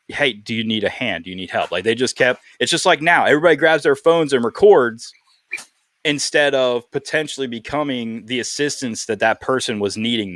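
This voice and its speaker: A man's voice: medium pitch, fairly bright tone, dry recording, studio quality. A man hosting a podcast, talking in a casual, earnest way and telling a heartfelt story. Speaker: podcast host.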